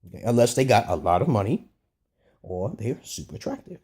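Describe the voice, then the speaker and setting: A man giving blunt, profane dating advice in a casual vlog monologue, brash and animated. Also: a little fast, husky. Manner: swings from loud and high to low and muttered. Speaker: self-styled dating advisor.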